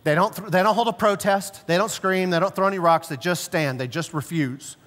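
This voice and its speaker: A male pastor delivers a sermon in a fairly high voice, telling stories with emphasis and slowing down and dropping low for key words. His voice carries through the long reverb of a church sanctuary. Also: a bit bright. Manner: storytelling, emphatic, slows and drops low for stress.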